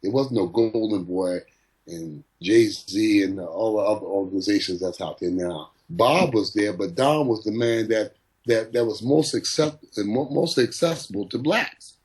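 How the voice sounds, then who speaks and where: A middle-aged boxing trainer tells stories in an interview, acting out the people he quotes. His voice is lowish with a darkish tone, and he speaks unhurriedly. The recording is low-quality.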